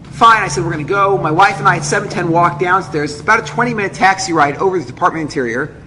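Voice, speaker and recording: Speaking very fast in a high voice, this rabbi tells an audience a story from his own life, performing each person's voice with lively animation. There's faint noise and a long, echoing hall reverb.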